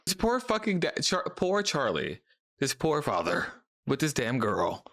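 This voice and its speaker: A man talking casually as he reacts on camera. His voice sits at an ordinary pitch. He chats loosely and laughs often, and he slips into quick mock voices for the characters. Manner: animated, laughing, mimics characters in quick asides. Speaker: reaction video host.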